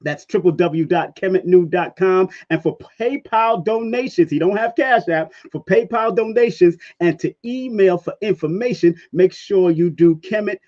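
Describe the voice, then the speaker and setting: Hyped-up high-voiced man hosting a livestream. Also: normal speed, few pauses, dull audio. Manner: hype, playful shout-outs with sound effects. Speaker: livestream host. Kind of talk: casual live-stream chat. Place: Brooklyn, New York.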